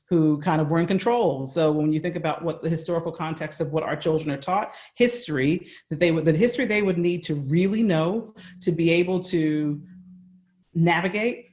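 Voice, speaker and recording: A man's voice: a little high, a little mellow. A man with an American accent, a guest speaking earnestly and conversationally in a remote interview from home, often checking in with "right?". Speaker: guest speaker on workplace bias. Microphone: video call.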